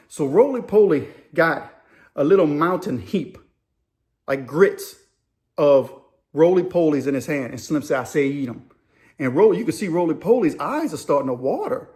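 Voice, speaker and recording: A man telling a story in a loose, animated way, sometimes acting out other people's voices. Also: a little high. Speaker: storyteller host. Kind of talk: casual spoken storytelling.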